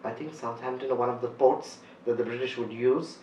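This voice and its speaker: A man's voice: medium pitch, steady tone, brisk, a little mellow, slight background noise. A man from India explaining his family research in a casual conversation, repeating phrases as he talks. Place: hotel lounge. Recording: distant, roomy, dull sound with faint ambience.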